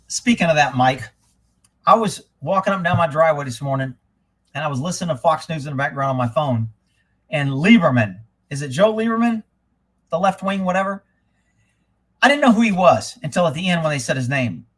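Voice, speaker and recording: A high-pitched man hosting a live political talk stream. He rants with heat and curses freely, his voice rising to a shout when something gets to him. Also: expressive, brisk. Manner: fired-up, swearing, shouts when worked up. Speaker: livestream host.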